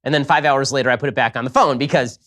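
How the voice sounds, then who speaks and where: A man's voice: medium pitch, a bit bright. A man hosting a talk show, speaking in long, running sentences in a conversational interview. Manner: rapid, talks in long run-on sentences. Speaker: host.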